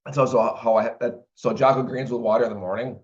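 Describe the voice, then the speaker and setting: A man's voice: medium pitch, fairly even intonation, fast talker. A man talking casually to the camera in a rambling way, with many restarts and fillers. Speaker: vlogger. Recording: dull lo-fi recording.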